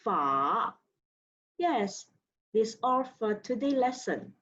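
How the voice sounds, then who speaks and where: A woman's voice: fairly high pitch, expressive, a little slow, a little mellow, muffled recording. A woman teaching Mandarin pronunciation, drawing out syllables with their tone contours and explaining in simple, slightly non-native English. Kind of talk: slow pronunciation lesson.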